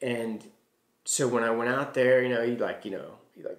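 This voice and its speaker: A middle-aged man talks casually to camera, circling back on himself with fillers and restarts. His voice sits at an ordinary pitch. The room around him is noticeably echoey. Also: normal speed. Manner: rambling, many fillers and restarts. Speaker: healing practitioner.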